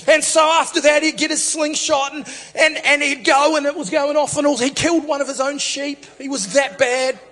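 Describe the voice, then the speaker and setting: A man preaching, retelling a story in a playful, animated way with many restarts. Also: very high-pitched, moderate pace, hardly any pauses. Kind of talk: humorous sermon storytelling. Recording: reverberant hall, faint music.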